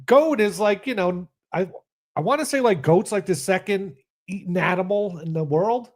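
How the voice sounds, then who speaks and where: A man's voice: high-pitched, moderate pace, darkish tone. A man co-hosting a comedy podcast in casual chat who laughs often and agrees readily. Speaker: podcast co-host.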